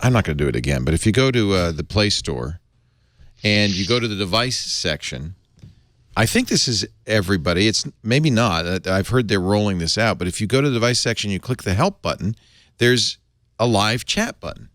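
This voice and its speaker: A man's voice: lowish voice, fairly quick, dry recording, studio quality. A middle-aged man hosting a casual tech panel chat, jokey and talkative, jumping in over others. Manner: animated, jokey, interrupts and apologizes. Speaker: host.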